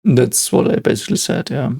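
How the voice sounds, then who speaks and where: A man's voice: mid-range voice, animated, fairly quick, vocal fry, dark tone, slightly rough. A man, a physicist, giving casual reaction commentary and analysing things reflectively as he thinks aloud. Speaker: physicist reacting to an anime episode.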